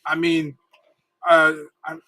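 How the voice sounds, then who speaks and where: Male co-host, bright and a bit high, loose rambling chat. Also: completely flat delivery, slow pace, dry recording. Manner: rambling, hesitant, many fillers. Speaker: podcast co-host. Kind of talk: casual sports chat.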